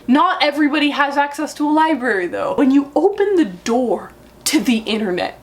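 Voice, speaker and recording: A young woman book vlogger talking casually to camera in an excitable, chatty way, in a room full of books. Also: sits high, moderate pace.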